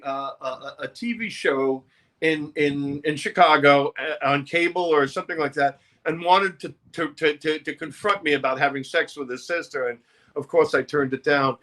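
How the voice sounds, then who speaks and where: A man from New York, an interview guest telling lively, profane stories and acting out the people in them. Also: fairly high pitch. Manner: animated, profane, acts out voices. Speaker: interview guest, music producer. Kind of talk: casual storytelling interview.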